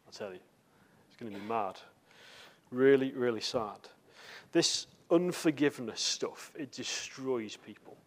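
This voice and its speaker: A man giving a sermon in a church, talking conversationally with asides and filler words. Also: medium pitch. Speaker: preacher.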